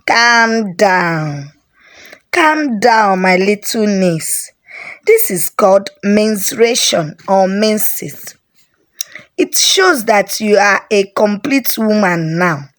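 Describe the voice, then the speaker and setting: A woman voicing a caring aunt who gently comforts her niece in a told story. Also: mid-range voice, expressive, extremely slow. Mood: soothing. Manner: soothing, gentle.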